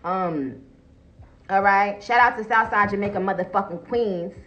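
A woman ranting casually and profanely on a live stream, animated and laughing, getting loud at her peaks. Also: medium pitch, unhurried, poor audio.

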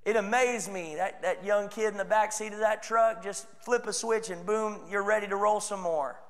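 A man's voice: sits high, fairly even intonation, moderate pace, big-room sound. A man with a Texan accent preaching a sermon in a church, earnest and conversational, slipping into quoted voices. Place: church sanctuary.

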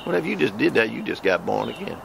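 Animated folksy preacher. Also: male voice, fairly low pitch, fast, vocal fry, a little hiss or hum. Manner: folksy, animated preaching with sudden loud outbursts. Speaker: preacher and host. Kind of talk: outdoor video sermon. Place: outdoors by the woods near his porch.

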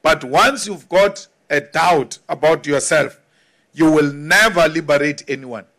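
A South African man speaks from the podium in a notably high register, pressing each point slowly and deliberately. He repeats phrases for emphasis, building an emphatic, insistent political address. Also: a bit bright. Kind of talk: political speech to an audience.

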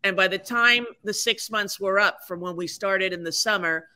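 This woman in her sixties has a mid-range voice that sounds pushed and bright, and she talks at a normal speed. As a podcast guest she tells candid stories, frank and chatty, laughing at herself and using many fillers.

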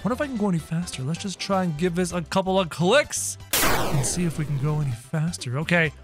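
A young man hosting a gaming channel, giving excited gameplay commentary and narrating every move to viewers. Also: fairly high pitch, a little fast. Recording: faint game music behind.

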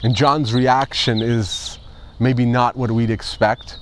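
A man's voice: mid-range voice, steady tone, slow pace, slight background noise. A male pastor delivering an Easter sermon, emphatic, with rhetorical questions and repeated phrases.

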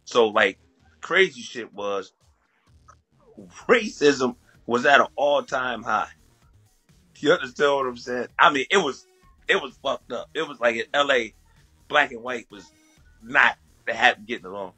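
A man's voice: medium pitch, animated, a little slow, pauses often, pushed and bright, slightly rough, faint music behind. A man from the USA telling a story as a guest, casual and profane, often laughing between lines.

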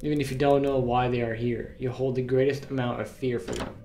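A man's voice: mid-range voice, flat delivery, a little fast, slight background noise. Joking gamer man in an echoey room. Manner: jokey, with loud startled outbursts. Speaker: gamer playing a horror game. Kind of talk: let's play commentary with read-aloud story text.

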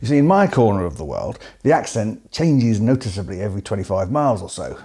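A man's voice: lowish voice, sing-song, fast, warm tone, husky. A man from England narrating a comedy piece in a dry, mock-serious, sarcastic way. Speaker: comedy host. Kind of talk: deadpan comic narration.

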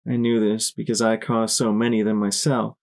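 A man giving dramatic, expressive first-person audiobook narration. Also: fairly low pitch, brisk, gravelly.

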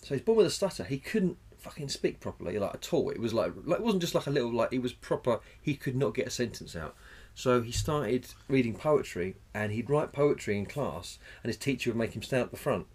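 A man's voice: medium pitch, animated, a little fast, a little mellow, husky. A man co-hosting a podcast in casual chat, rambling, swearing freely and searching for names mid-sentence. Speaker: podcast co-host.

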